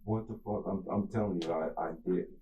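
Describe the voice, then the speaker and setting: Man, very low voice, gravelly, defensive, evasive, interrogation room, distant camera. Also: a little fast, mellow, echoey room, lo-fi sound, slight background noise. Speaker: suspect being questioned. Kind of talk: defensive confrontation.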